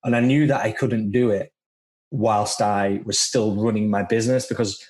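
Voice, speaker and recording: A man's voice: on the low side, fairly even intonation, normal speed, a little mellow. A man from northern England with a Northern English accent, a guest coach talking bluntly and swearing freely in a casual podcast conversation.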